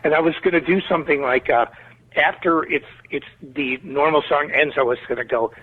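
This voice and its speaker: A man's voice: a little high, fairly quick, breathy edge. Talkative Chicago man on a tinny line. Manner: rambling, talkative storyteller. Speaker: guest musician. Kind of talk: casual interview talk.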